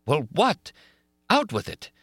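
A man's voice: lowish voice, sing-song, normal speed, pushed and bright, no room sound, clean studio sound. A man voicing a vehement, jealous young man in an audiobook reading. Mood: fierce. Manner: vehement, urgent.

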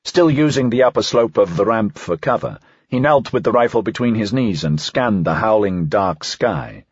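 Male audiobook narrator, low husky voice, lively delivery, dry slightly dull recording. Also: moderate pace, dry recording. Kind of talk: scripted fiction narration.

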